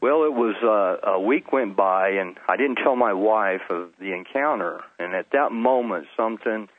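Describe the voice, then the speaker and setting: A man's voice: fairly low pitch, normal speed, dry recording. A middle-aged man, telling his personal testimony earnestly as a phone-in guest. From Texas. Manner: earnest storytelling with restarts. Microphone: telephone. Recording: tinny phone line.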